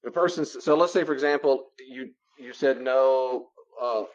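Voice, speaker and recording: A man giving a conversational teaching talk, acting out both sides of the dialogues with lively shifts in his voice. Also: mid-range voice, normal speed. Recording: dull lo-fi recording.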